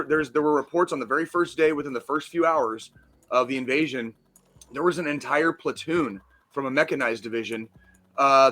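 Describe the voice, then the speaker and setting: A man's voice: fairly high pitch, bright, forceful tone. A man co-hosting a podcast in casual chat, talking in a brash, profane, emphatic way. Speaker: podcast co-host.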